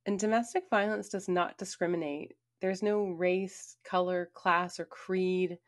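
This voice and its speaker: A woman narrates her own memoir in a somewhat low voice, earnest and emphatic. She tells it like a personal story, slipping in casual conversational asides. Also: steady tone, unhurried.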